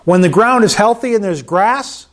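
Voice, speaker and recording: A man's voice: sits high, lively intonation, moderate pace. A man preaching a sermon in church, conversational and joking with the congregation. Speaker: pastor.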